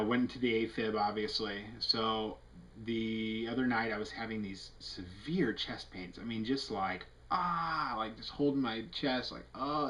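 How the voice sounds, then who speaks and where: A man's voice: fairly low pitch, pushed and bright, slight background noise, rough recording. A man giving a casual, candid health update to a webcam, rambling through fillers and restarts in an earnest way. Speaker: vlogger.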